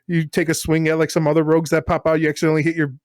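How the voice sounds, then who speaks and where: Podcast co-host, male, slightly high voice, rambling filler-heavy chat, dry close sound. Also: completely flat delivery, very fast, no room sound. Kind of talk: casual chat.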